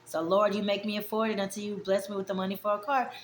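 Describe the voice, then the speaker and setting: A woman in her forties speaks openly and affectionately to her viewers, rambling from one thought to the next at a mid pitch. The recording sounds roomy and echoey, with a faint background hum. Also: little pitch movement, fast talker. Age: 40s. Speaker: vlogger. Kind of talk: casual heartfelt vlog monologue.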